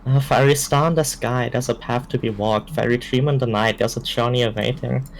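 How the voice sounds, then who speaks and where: A man playing in an online tabletop game, reading a sworn oath aloud in an earnest, measured way over voice chat. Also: medium pitch, fairly even intonation, slight background noise, rough recording. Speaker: player.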